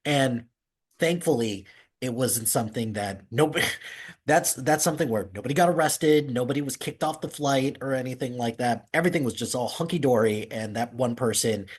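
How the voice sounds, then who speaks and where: Husky-voiced man hosting a podcast. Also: medium pitch, moderate pace. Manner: relaxed, rambling, many restarts. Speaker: podcast host. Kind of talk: casual chat. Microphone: remote call over internet.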